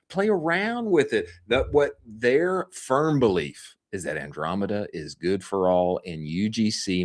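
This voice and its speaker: A man hosting a business podcast, reading an ad and welcoming a guest with loud hype. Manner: high-energy hype, shouting welcomes. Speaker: podcast host. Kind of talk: hyped podcast intro and ad read.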